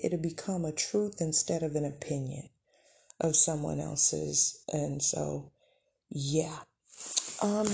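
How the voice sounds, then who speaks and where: Slow gravelly woman, warm and mellow. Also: deep voice. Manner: encouraging, conversational, faith-filled. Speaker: podcast host. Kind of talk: motivational casual monologue.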